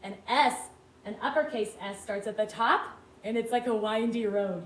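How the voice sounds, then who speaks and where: A woman teaching a phonics lesson to young children, sounding out letters slowly and asking them to read along. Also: a little high, reverberant, rough recording. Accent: Hawaiian English. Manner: slow, stretched-out sounds, read-along prompts. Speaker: kindergarten teacher.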